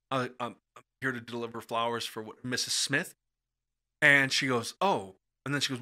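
A middle-aged man telling funny stories in a casual podcast chat, acting out the voices in them with big jumps up and down. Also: moderate pace. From Midwestern United States. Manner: acts out quoted voices with big jumps in pitch and loudness. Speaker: storyteller guest. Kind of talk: animated storytelling chat. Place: podcast studio.

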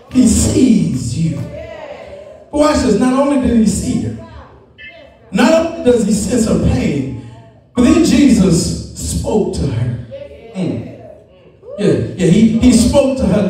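A male preacher's very high, mellow voice rings out over soft organ music, sliding between speech, song and shouts as he preaches. The mic sits well back, so the sound carries the long echo of a church hall. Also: distant mic. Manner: preaching with sung, shouted lines and rising refrains. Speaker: guest preacher. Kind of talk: sermon. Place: church sanctuary.

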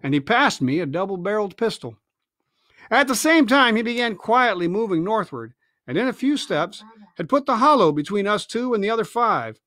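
A man reading a novel aloud at home on a livestream, expressive, with chatty asides. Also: sits high, moderate pace, no echo, clean studio sound. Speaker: reader. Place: family home, indoors.

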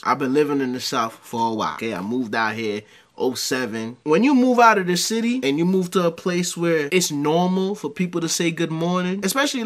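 A middle-aged man, giving casual reaction commentary and telling stories in heavy slang. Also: on the high side. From New York. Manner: slangy, animated storytelling.

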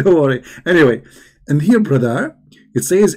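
A man hosting a call-in debate show, talking in a sarcastic, teasing way with many halting fillers. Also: sits high, animated, darkish tone. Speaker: host.

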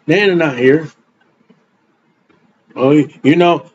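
A man's voice: high voice, slow pace, pauses often, slight background noise. A middle-aged man preaching an informal, rambling sermon in a blunt, conversational way. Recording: dull lo-fi recording.

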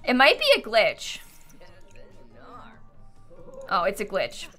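A woman's voice: mid-range voice, very animated, normal speed, a bit bright. A young woman streaming a life-sim game, chatting casually and playfully, often laughing and scolding her game characters. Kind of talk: casual live-stream chat. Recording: faint background game music.

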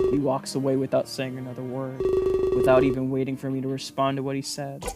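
Profane, sarcastic let's play narrator. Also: male voice, medium pitch. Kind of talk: reading a visual novel aloud with commentary. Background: background game music.

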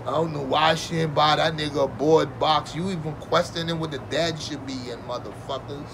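A man's voice: fairly high pitch, steady tone, brisk, noisy background. A man doing a profane comedic rant, mocking and sarcastic, swearing constantly and breaking into fake wailing.

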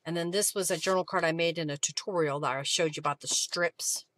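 A woman with a low, fairly bright voice and fairly even intonation hosts a live craft session at a fairly quick pace. She chats casually, reads viewer comments aloud, and laughs often.

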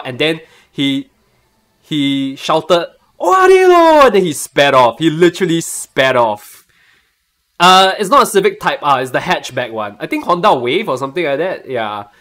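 Lively excitable Singaporean streamer guy. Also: mid-range voice. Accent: Singaporean English. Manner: chatty and excitable, laughs often. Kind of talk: casual live-stream chat.

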